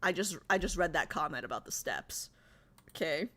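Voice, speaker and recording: Giggly streamer girl chatting w her viewers, voice bounces all over, real bright. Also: low voice, expressive, moderate pace. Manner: chatty and giggly, reading viewer comments aloud. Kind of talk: casual chat on a livestream.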